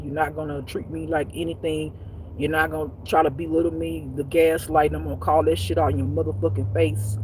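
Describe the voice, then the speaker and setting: A woman telling a personal story as a spiritual life teacher, in a blunt, profane, animated way that swings between loud and hushed. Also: sits low, slight background noise. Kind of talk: casual storytelling monologue.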